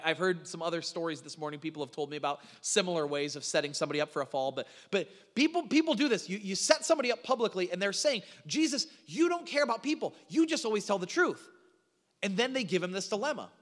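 A middle-aged man preaching a sermon as a pastor, telling stories in an animated way with frequent restarts. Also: sits high, fast talker. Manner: animated storytelling with repeated restarts. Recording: long reverb of a large hall.

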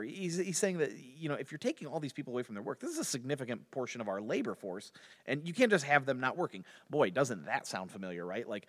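Animated man teaching a Bible study. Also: mid-range voice, quick pace. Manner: animated, restarts often, chuckles between points. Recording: long hall reverb.

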